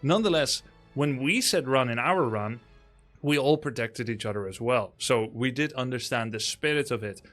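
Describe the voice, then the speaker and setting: A man's voice: mid-range voice, moderate pace, fairly bright tone, faint music behind. A man with a Dutch accent, talking at length and laughing as a guest in a casual interview. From Netherlands. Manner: talkative, laughing, explanatory. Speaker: guest, streamer.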